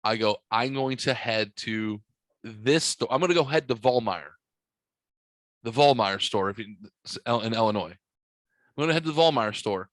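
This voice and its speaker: A podcast host, a man, tells a rambling story in casual chat. He swears a lot and acts out every line of dialogue. His mid-pitched voice sounds dry, with almost no room around it. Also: animated, moderate pace, fairly bright tone, dry recording.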